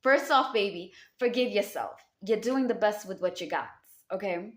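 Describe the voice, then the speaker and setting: A woman's voice: mid-range voice, moderate pace. A woman with a Southern US accent giving a casual tarot reading, speaking affectionately and calling her listeners honey and baby. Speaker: tarot card reader. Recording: roomy echo.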